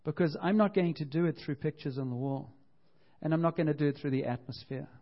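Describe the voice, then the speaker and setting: Casting note: male pastor, fervent sermon delivery, higher-pitched voice, muffled lo-fi recording. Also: fast. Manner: impassioned, repeats himself, acts out quotes.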